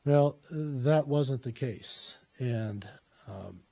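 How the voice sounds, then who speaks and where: A man's voice: mid-range voice, extremely slow, gravelly, mellow. A man telling a personal story in a casual, rambling way, with lots of "uh" fillers and restarts.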